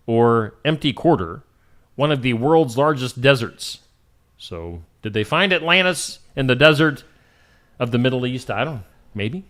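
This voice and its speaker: A man's voice: medium pitch, lively intonation, measured pace, a bit bright. A man hosting a morning show in casual chat, reading odd news stories and joking about them. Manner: jokey, reads headlines then riffs on them.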